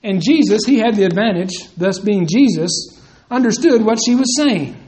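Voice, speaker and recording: A man's voice: high-pitched, animated, moderate pace, darkish tone, low-quality recording. A male preacher giving a conversational sermon, reading scripture and addressing the men directly, acting out quotes as he goes.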